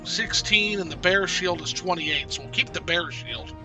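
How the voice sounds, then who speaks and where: A man streaming a video game, talking casually and excitably to his chat and swearing often. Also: sits high, normal speed, recorded from a distance, over music. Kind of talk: casual live gameplay commentary.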